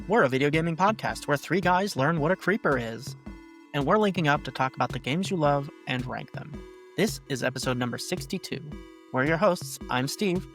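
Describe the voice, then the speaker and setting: Man, 30s, podcast host, slightly high voice, upbeat chatty intros, light music under. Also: animated, moderate pace, fairly bright tone. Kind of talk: casual chat.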